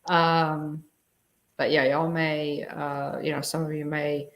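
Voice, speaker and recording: A woman's voice: deep voice, level tone, slow. A middle-aged woman, co-hosting a casual live stream and rambling with many fillers and restarts. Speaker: show co-host.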